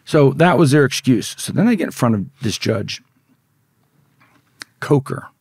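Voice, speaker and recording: A man's voice: mid-range voice, animated, measured pace, darkish tone, husky, no room sound, studio quality. A man guest in an interview, telling a story in a rambling, profane, conversational way. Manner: profane, rambling, repeats words as he goes. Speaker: podcast guest.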